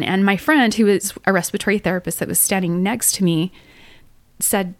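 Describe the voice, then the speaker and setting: A woman's voice: mid-range voice, fairly even intonation, normal speed, no room sound. A middle-aged woman, a podcast co-host, telling a painful personal story in earnest detail. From Utah. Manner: earnest, emotional retelling with quoted dialogue.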